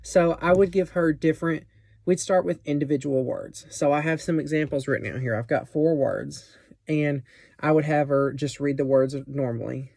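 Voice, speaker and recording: A young man talks through his lesson plan in a casual, rambling way, pausing on fillers and restarting sentences. His voice sits a little high but sounds mellow. The recording is dry and close. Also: gravelly, no room sound. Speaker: student presenting a teaching plan. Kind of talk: recorded class presentation.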